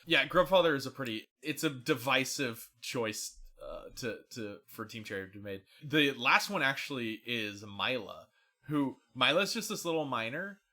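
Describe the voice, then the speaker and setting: A young man co-hosting a podcast, explaining details in a relaxed, casual way. His voice is bright and sits at a middle pitch. He laughs easily along the way. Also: moderate pace. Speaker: podcast co-host. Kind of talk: casual chat.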